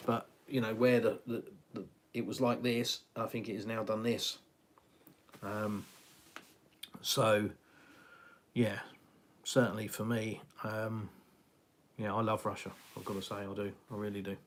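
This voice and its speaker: A man's voice: lowish voice, level tone, unhurried, long pauses, a little hiss or hum. A middle-aged English man with a southeastern accent and a slight West Country twang, rambling casually on a live stream and answering viewer comments. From England. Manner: rambling, many fillers and restarts, chatty.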